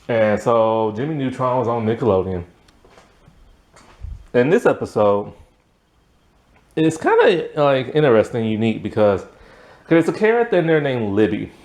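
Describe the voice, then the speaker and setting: A sleepy man reviews a cartoon episode late at night in a casual, rambling way, filling his speech with frequent "like"s. His voice is mid-range and a little mellow.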